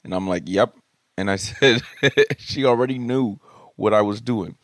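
A young adult man hosting a podcast, telling comic stories about his kids in an animated, jokey way and swearing casually. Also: fairly low pitch, normal speed, no echo, clean studio sound. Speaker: podcast host. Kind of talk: comedic storytelling monologue. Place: home studio room.

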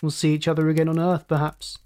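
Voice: mid-range voice, monotone, quick pace, a little mellow, natural voice. A narrator voicing a smug male space pirate leader, mocking and courteous, in an audiobook reading.

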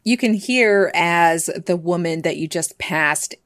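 A woman game master narrating a tabletop game in a relaxed, descriptive way. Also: fairly low pitch, slow, no echo.

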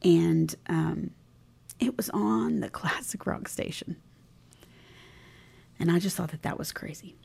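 A woman co-hosting a podcast, casually recounting a TV episode scene by scene and quoting the characters' lines softly. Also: fairly low pitch, takes it slowly, gravelly, pauses often, husky. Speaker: podcast co-host. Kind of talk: casual recap chat.

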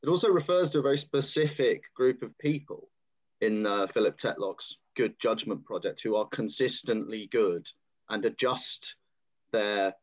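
A British man hosting a podcast panel, voicing opinions in an exasperated, animated way. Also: fairly low pitch, normal speed. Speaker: podcast host. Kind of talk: casual panel discussion. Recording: slightly dull podcast audio.

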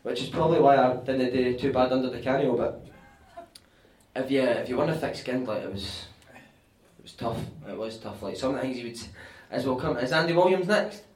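A Scottish man telling animated, sweary anecdotes on stage at a live podcast show, often laughing as he talks. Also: medium pitch, a little fast. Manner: animated, sweary, laughing through his stories. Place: live venue with audience. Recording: echoey room, mic at a distance.

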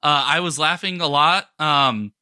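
A man cohosting a podcast in casual chat, talking with real enthusiasm. His voice is strikingly bright and sits a little high. The sound is close and dry, with no room echo. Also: slow pace. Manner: chatty, restarts often, enthusiastic.

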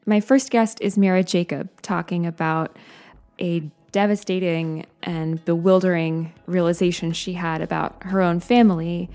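A woman's voice: on the low side, steady tone, moderate pace, darkish tone, soft background music. Reflective woman host introducing a guest. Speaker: podcast host. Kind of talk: scripted introduction.

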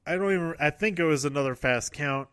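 A man's voice: a little high, fast talker, a bit bright, smooth, no room sound, clean studio sound. A man casually recapping wrestling events, rambling, correcting himself and laughing often.

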